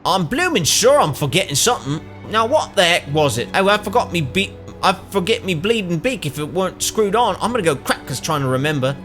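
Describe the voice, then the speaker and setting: Man voicing a cheery high-pitched cockatrice in broad dialect, bouncy and lively. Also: brisk, faint music behind. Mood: chirpy. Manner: broad working-class British dialect; bright, high, cheery sing-song. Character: chatty scatterbrained cockatrice bird.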